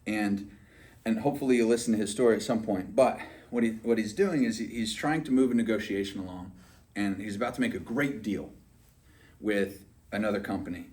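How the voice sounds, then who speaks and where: Low-voiced man coaching, recorded from afar. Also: fairly quick, a little mellow, far from the mic. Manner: conversational, keeps checking in with the listener by asking "right?". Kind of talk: motivational training talk.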